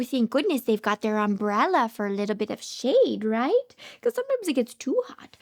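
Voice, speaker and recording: A woman speech therapist with a high-pitched, slightly mellow voice reads a picture book aloud to toddlers. She coaxes them with questions, gasps with delight, and drops into whispers.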